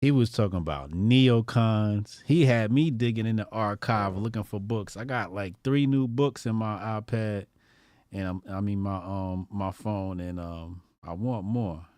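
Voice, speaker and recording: A man's voice: lowish voice, darkish tone, dry recording, studio quality. Laid-back man hosting a live stream. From New Jersey, US. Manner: laughing, loose and rambling with slang. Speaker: host. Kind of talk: casual live-stream talk.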